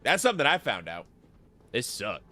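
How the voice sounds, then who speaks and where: A man's voice: mid-range voice, big pitch swings, normal speed, sharp tone, faint music behind. A man streaming a game live, chatting casually to his viewers as he plays. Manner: casual, chatty, talks to chat. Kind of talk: live gameplay commentary.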